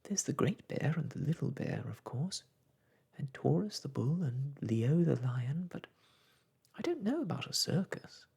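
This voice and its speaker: A man doing an excited young girl, her hushed whisper jumping high with wonder. It is a storybook child in a whispered role-play, breathy and lively. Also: measured pace, heavily acted. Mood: eager. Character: eager young girl, older sister.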